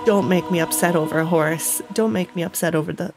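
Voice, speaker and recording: A woman's voice: fairly low pitch, brisk, a little mellow, soft background music, low-quality recording. A woman giving casual commentary while playing a video game, talking in an upset, indignant way and swearing. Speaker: let's play gamer.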